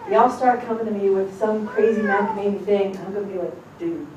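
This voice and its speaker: A woman teaching a congregation as rebbetzin. She gives an informal sermon, reading scripture slowly and then talking bluntly and casually. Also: medium pitch, fairly even intonation, muffled recording. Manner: emphatic and blunt, shifting between slow scripture reading and quick casual talk. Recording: echoey room, distant mic, noisy.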